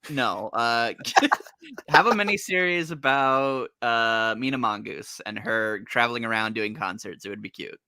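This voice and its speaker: A young man co-hosting a casual comic chat, rambling and sarcastic as he retells the plot with quick acted asides. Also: medium pitch, pushed and bright, smooth, dry recording. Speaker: podcast co-host.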